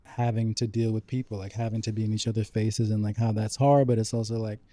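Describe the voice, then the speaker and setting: A man's voice: lowish voice, little pitch movement, fast, mellow, no room sound. A man from New York who works as a film editor, a podcast guest in a living room, easygoing and rambling. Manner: easygoing, many "like" fillers. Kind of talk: casual chat.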